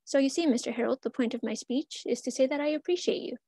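A woman's voice: sits high, quick pace, warm tone, slightly rough, no room sound, studio quality. A woman voicing an eager four-year-old girl who speaks earnestly in rhymed verse.

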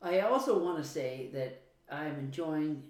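A man's voice: fairly high pitch, animated, measured pace, a little mellow. A tipsy man, co-hosting a livestream in casual banter, rambling, giggly and swearing often. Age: 30s. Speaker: co-host. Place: small apartment. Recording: roomy apartment recording with faint noise.

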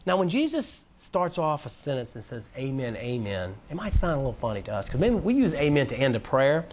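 A man teaching a Bible lesson in a casual, folksy way, reading scripture in a lower, slower voice. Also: a little hiss or hum. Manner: animated, drops to a low, slow voice for scripture quotes. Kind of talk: presentation lecture.

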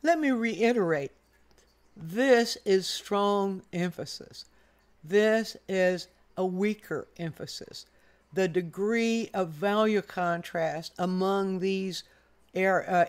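An older woman walks the viewer through a painting lesson. Her delivery is patient and explanatory, and she guides the viewer's eye point by point. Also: on the low side. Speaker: art teacher.

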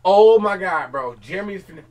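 A young man reacting to a video on a stream, talking casually with slang and swearing, loud and excitable. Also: sits high, normal speed.

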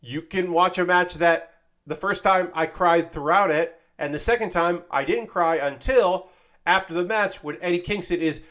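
Male streamer, loose casual chat, rambling and profane, somewhat high voice, eager and heartfelt. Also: moderate pace, a bit bright. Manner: rambling, profane, enthusiastic about wrestling; frequent fillers and restarts, acts out quotes animatedly.

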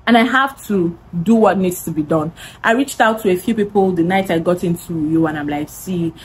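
A woman's voice: fairly low pitch, a little fast, a little hiss or hum, low-quality recording. A young woman with a Nigerian accent telling a dramatic story-time vlog, full of repetition for emphasis. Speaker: vlogger.

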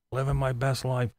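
A man's voice: medium pitch, darkish tone, no echo. A man hosting a live-stream commentary, sarcastic and mocking, swearing freely and laughing often as he rants and answers chat. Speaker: YouTube commentary host reading live chat.

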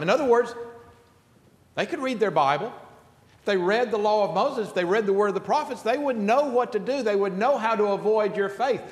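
Guy preaching a sermon, earnest and punchy, voice sits kinda high, big church echo. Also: expressive, fairly quick. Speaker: pastor. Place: church sanctuary. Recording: reverberant church sanctuary.

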